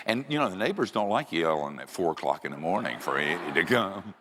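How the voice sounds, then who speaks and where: A man preaching a sermon in a large church, telling funny stories in an animated, jokey way that jumps up into high yells. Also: quick pace, few pauses. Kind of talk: humorous sermon storytelling. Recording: long church reverb.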